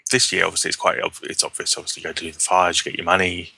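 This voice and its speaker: Man, very deep voice, sharp and forceful tone, rambling podcast host chat. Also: completely flat delivery, very fast, gravelly, breathy edge. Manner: rambling, self-correcting, wry. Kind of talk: casual gaming podcast chat.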